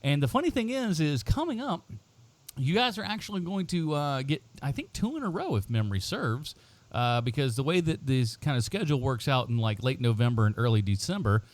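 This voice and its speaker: Rambling podcast host with lively pitch. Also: male voice, fairly quick, dry recording. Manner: rambling, laughs often, lots of fillers. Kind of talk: casual podcast chat.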